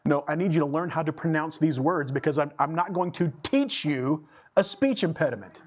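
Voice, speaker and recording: A man preaching a sermon to his church, emphatic and repetitive, moving between slow, deliberate lines and quick bursts. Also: a little high, expressive. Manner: emphatic, repeats phrases for stress, shifts between slow and fast delivery. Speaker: pastor. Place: church sanctuary.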